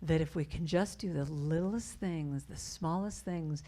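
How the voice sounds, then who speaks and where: A woman giving a heartfelt spiritual talk, speaking gently and slowing down on key words, sometimes dropping to a soft near-whisper. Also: deep voice. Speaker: inspirational speaker and singer. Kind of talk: spiritual talk leading a chant.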